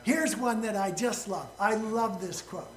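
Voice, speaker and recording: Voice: medium pitch, a little slow, reverberant, low-quality recording. A pastor preaching a sermon in a folksy, joking way, asking the congregation questions along the way.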